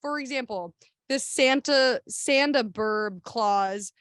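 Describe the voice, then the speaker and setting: A woman's voice: a little high, takes it slowly, a bit bright, smooth, no echo, clean studio sound. A young woman, an activist, giving a casual workshop talk in a chatty, sassy way with lots of fillers and restarts.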